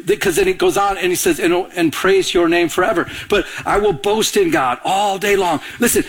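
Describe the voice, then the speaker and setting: A male pastor with a high, bright-edged voice delivers a lively sermon in a church. He keeps the congregation involved, pausing so they can call out the missing word. His delivery swings between playful and earnest. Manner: animated, asks the congregation to fill in words. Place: church before a live congregation.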